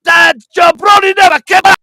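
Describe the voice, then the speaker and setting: Man impersonating a furious old wrestling heel, broken english, high shouty voice, bright and tense, dry sound. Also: level tone, normal speed, no echo, some chatter behind, full character voice. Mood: ranting. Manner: shouting, insult-spitting rant with broken English. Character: ranting old wrestling villain, male, accented, profane. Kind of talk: comedic impression on a podcast.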